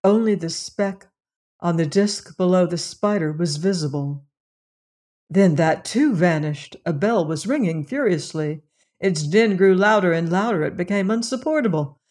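A narrator and audiobook host giving a measured, atmospheric reading of gothic horror. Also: mid-range voice, expressive, a little mellow.

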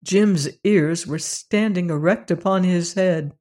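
Audiobook narrator, storybook reading, slow deliberate pace, even measured tone. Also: mid-range voice.

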